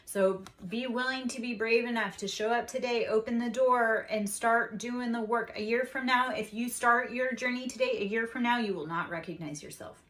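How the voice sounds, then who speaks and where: A woman's voice: fairly high pitch, normal speed, few pauses, a bit bright. A woman giving a casual spiritual tarot reading, earnestly encouraging and talking straight to the viewer. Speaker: tarot reader and spiritual channel host.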